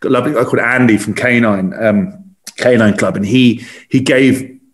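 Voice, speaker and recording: A man's voice: medium pitch, moderate pace. Rambling man telling stories. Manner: rambling storyteller, lots of fillers and swearing. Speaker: podcast guest. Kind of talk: casual chat.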